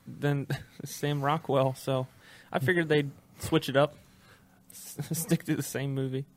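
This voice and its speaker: A man guesting on a podcast as a filmmaker, chatting in a measured, laid-back way. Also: mid-range voice, level tone. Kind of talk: casual chat.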